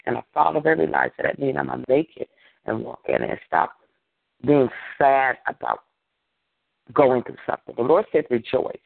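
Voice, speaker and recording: A man's voice: mid-range voice, animated, normal speed, creaky, no room sound. A man leading a prayer line, exhorting with a fervent, repetitive preaching cadence over a phone call.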